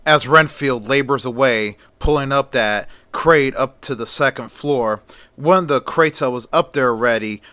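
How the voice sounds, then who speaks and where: A man's voice: mid-range voice, moderate pace, bright, forceful tone, a little hiss or hum. A man telling a horror story in a loose, conversational way, narrating the scenes himself. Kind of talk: casual retelling of a horror story.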